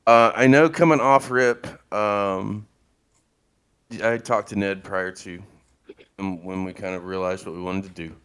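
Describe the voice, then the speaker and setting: A man's voice: lowish voice, steady tone, a little slow, fairly bright tone, clear, resonant tone. A man who is a podcast guest, bluntly walking through how he planned something, step by step, in casual chat. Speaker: guest writer.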